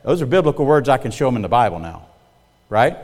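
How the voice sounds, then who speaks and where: A middle-aged pastor preaches a sermon in a folksy, conversational way, often checking in with his congregation. His medium-pitched voice is a little mellow, very animated, and fast, and the recording has long hall reverb.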